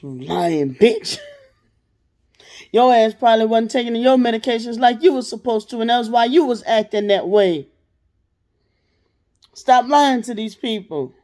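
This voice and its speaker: A young adult woman telling a profane, animated storytime rant as a vlogger, laughing and acting out voices. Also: fairly high pitch, normal speed, long pauses.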